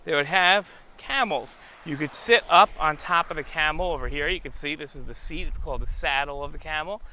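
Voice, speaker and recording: A man's voice: on the high side, a little fast, sharp tone, a little hiss or hum. A man hosting a children's show outdoors, chatting straight to young viewers in a casual, explaining way. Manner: chatty, addresses viewers directly. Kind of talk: casual on-location explaining to kids. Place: outdoors beside a camel.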